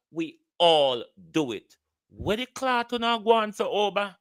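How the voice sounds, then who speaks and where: A man's voice: sits high, sing-song, measured pace, dry recording. A Jamaican man vlogging heated political commentary, ranting bluntly and swearing freely.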